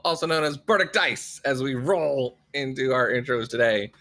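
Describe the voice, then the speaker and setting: A man's voice: mid-range voice, normal speed, pushed and bright. A man introducing himself as a player in a laid-back, rambling way with lots of fillers. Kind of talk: casual chat.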